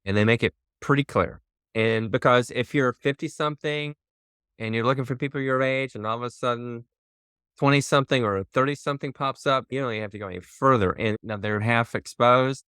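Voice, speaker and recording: A man's voice: medium pitch, a little fast, a bit bright, clean tone, dry recording, clean studio sound. A man in his fifties, a podcast guest chatting candidly and laughing easily. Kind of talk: casual podcast conversation.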